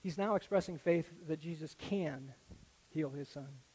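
A man preaching a sermon that explains a Bible passage, earnest and explanatory, often dropping to a soft, low tone. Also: measured pace, husky. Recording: echoey hall with long reverb.

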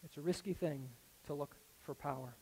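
A man preaching a sermon that explains a Bible passage, earnest and explanatory, often dropping to a soft, low tone. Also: normal speed, a little hiss or hum. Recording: echoey hall with long reverb.

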